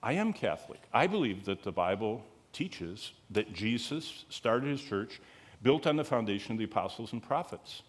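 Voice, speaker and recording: A man teaching the Bible live uses big pitch swings at normal speed. His lecture to the group is conversational, with many digressions, rhetorical questions aimed at the audience, and key words pushed higher for emphasis.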